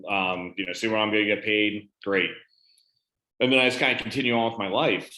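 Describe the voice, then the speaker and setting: A man's voice: lowish voice, steady tone, fairly quick, sharp tone. A man, a veteran on a panel, casually telling a story about his benefits and retelling conversations in quotes. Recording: roomy echo.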